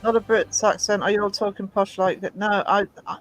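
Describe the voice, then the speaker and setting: A man's voice: high voice, steady tone, a little fast, a bit bright, faint music behind, low-quality recording. A man from Northeast England hosting a casual live stream, chatty and greeting his viewers. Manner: chatty, reads out and greets the chat. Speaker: livestream host.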